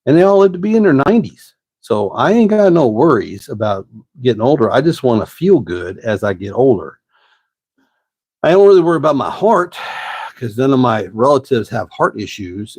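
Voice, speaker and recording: Host in his fifties, folksy and rambling, low voice, dry close sound. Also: darkish tone, slightly rough, no room sound. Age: 50s. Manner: rambling, folksy, drawn-out pauses. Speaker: host answering live chat questions. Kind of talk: casual live-stream chat.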